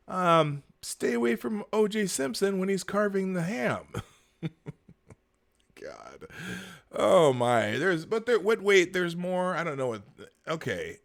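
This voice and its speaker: A man's voice: on the high side, sing-song, unhurried, vocal fry, fairly bright tone. Laughing, rambling male live-show host. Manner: rambling, sarcastic, laughs often, many fillers. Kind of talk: casual live-stream commentary.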